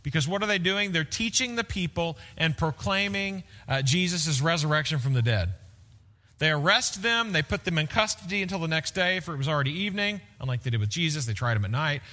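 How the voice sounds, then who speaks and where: A man's voice: a little high, animated, brisk, sharp tone. Man preaching in an echoing church hall. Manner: conversational preaching, frequent "right?" checks. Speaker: pastor. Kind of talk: sermon. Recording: long reverb of a large hall.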